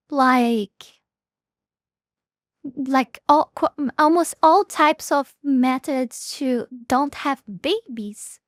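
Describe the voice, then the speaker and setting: High-voiced hesitant woman commenting. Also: no echo, clean studio sound. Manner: hesitant, frequent restarts and fillers. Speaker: reaction video host. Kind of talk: casual commentary.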